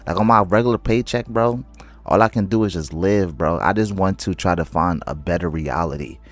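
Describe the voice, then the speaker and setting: A man on a casual livestream, reading viewer comments aloud, talking loosely, calling people bro and stumbling over words when excited. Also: deep voice, a little fast. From United States. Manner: stutters and restarts when excited; loose slangy talk, calls viewers bro.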